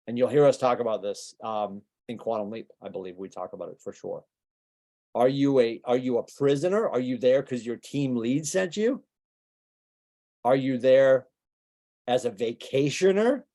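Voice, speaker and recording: Mellow-voiced male business coach. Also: mid-range voice. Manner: conversational, rapid-fire rhetorical questions. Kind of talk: motivational training talk.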